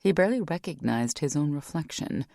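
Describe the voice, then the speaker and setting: Woman narrator, audiobook, very deep voice, wry measured delivery, dry close sound. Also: lively intonation, gravelly, warm tone, dry recording. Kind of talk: scripted narration.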